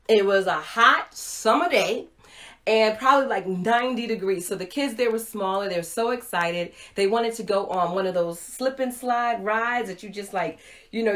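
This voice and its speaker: A middle-aged woman giving a motivational livestream talk, telling a personal story with animated acted-out dialogue. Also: medium pitch, normal speed. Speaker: motivational speaker. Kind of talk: Facebook Live talk to viewers.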